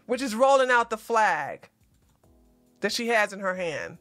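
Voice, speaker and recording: A woman hosting a political commentary show, talking over a video in an animated, emphatic way. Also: mid-range voice, a little slow, pauses often, dry recording, studio quality, faint music behind. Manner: animated, emphatic, profane outbursts.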